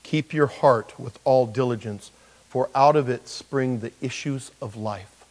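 A man's voice: mid-range voice, a little slow, a little mellow, low-quality recording. A middle-aged male pastor preaching a conversational sermon, full of rhetorical questions and humor.

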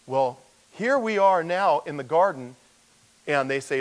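Male pastor, verse-by-verse sermon, conversational delivery, fairly high voice. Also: animated, a little slow, poor audio. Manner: conversational, acts out quoted voices.

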